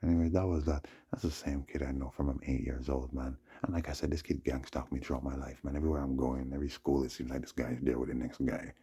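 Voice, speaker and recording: A man's voice: rumbling low, level tone, fast talker, few pauses, warm tone, slightly rough. A man in his forties telling a long, meandering story in a slangy, casual way and often checking in with the listener. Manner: slangy, meandering, repeats "you know what I'm saying". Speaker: vlogger. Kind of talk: rambling storytelling monologue.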